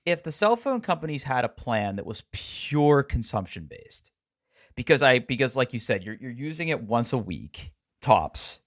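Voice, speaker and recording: Man with a lively, swinging voice, jokey and profane podcast co-host. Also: mid-range voice, moderate pace. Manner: lively, joking, swears freely. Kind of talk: casual chat.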